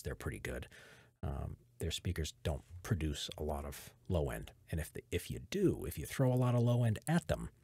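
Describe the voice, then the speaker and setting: Deep husky American man talking shop. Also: no room sound, clean studio sound. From United States. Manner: rambling, self-correcting, relaxed tech talk. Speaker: voiceover artist. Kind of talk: casual behind-the-scenes explanation. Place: home recording room. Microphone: studio microphone.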